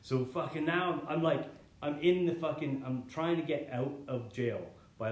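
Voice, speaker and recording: A man's voice: on the high side, normal speed. Young man, casual rambling storyteller, swears a lot, echoey room. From Canada. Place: living room.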